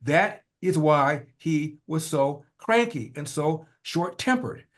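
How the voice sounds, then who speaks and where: An older man, a podcast guest, telling a personal family story with animated, rhythmic repetition. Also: a little high, slow. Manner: acts out family dialogue in changing voices.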